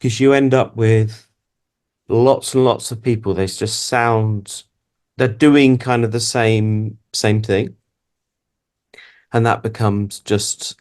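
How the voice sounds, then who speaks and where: A British man with a fairly low voice speaks as a podcast guest. He explains his work at length in a relaxed chat, thinking aloud and restarting his sentences as he goes. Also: slow pace, long pauses. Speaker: animation director and guest. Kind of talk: casual interview chat.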